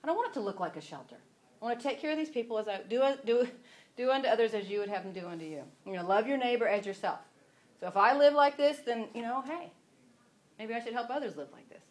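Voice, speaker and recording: A woman with a slightly high, expressive voice talks fast as she teaches from the Bible in a loose, devotional way. She's chatty and rambling, often cutting herself off mid-sentence to start over.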